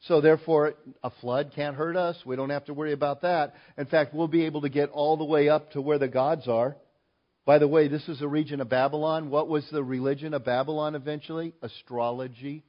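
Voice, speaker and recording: A male pastor preaching a sermon, emphatic and rising loud on key points. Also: on the high side, fairly even intonation, brisk, lo-fi sound.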